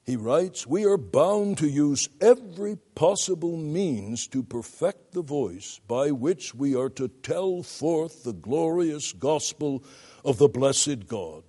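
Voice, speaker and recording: Man lecturing with lively shifting pitch. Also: takes it slowly, breathy edge. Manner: reads quotations aloud, spells words out, shifts volume for emphasis. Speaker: preaching lecturer. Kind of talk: classroom lecture on preaching.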